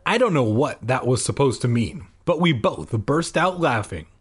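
A man's voice: medium pitch, lively intonation, normal speed, slightly rough. A man reading a children's book aloud, cutting in with sarcastic jokes. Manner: sarcastic, jokey interruptions. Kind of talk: comedic book reading with asides.

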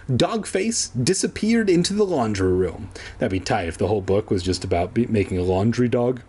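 A man's voice: lowish voice, lively intonation, moderate pace, hardly any pauses, darkish tone, husky. A man casually reading a children's book aloud, breaking off for irreverent, swearing asides. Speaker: reader. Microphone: home recording, edited later.

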